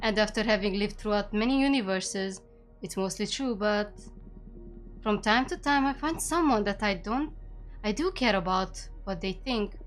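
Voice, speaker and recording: A woman's voice: medium pitch, moderate pace, faint music behind, natural voice. A woman reading as an earnest young witch. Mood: tender.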